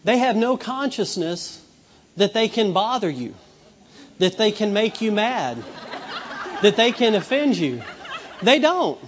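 High-voiced man preaching in a hall. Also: sing-song, takes it slowly, long pauses, a little hiss or hum. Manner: conversational preaching, acts out children's voices. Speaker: pastor. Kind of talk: sermon. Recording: dull reverberant hall recording.

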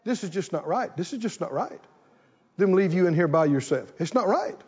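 Brief: hushed, coaxing tempter spirit, a man voicing it, quiet and sly. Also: sits high, lively intonation, a little fast, husky, dull audio, exaggerated voice. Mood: insinuating. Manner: hushed, insinuating murmur.

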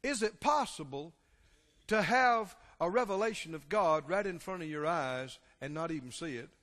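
A man preaching a sermon, impassioned, swinging between loud exclamations and quiet, low passages. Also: lively intonation, moderate pace. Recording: long hall reverb.

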